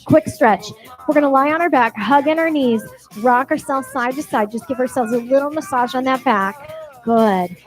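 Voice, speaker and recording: This rough recording captures a woman with a high-sitting voice cueing a barre workout at a moderate pace. She counts reps, offers encouragement, and lets out cheerful whoops while workout music plays.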